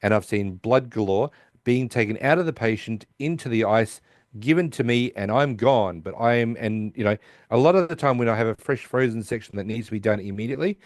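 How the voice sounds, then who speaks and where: A man's voice: medium pitch, fairly quick, dry recording, clean studio sound. A man hosting a podcast, casually retelling a TV episode in a rambling way with many restarts. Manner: rambling, with restarts and quoted voices. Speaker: podcast host.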